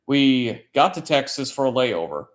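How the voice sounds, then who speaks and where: A man's voice: mid-range voice, sing-song, normal speed. Man, livestream host, casual late-night chat, rambling, swears a lot. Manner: profane, rambling storyteller. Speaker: military service member.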